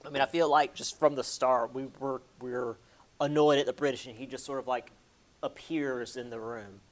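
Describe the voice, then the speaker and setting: A man's voice: mid-range voice, fairly even intonation, moderate pace. A man giving a casual history lecture, chatty, with many fillers and playful quoted asides.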